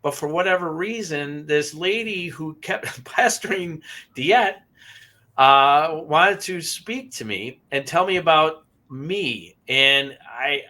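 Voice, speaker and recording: A man co-hosting a paranormal podcast, telling a personal story in a halting, emotional way and often repeating himself. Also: fairly high pitch, lively intonation, bright, forceful tone. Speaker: podcast co-host. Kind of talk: casual storytelling.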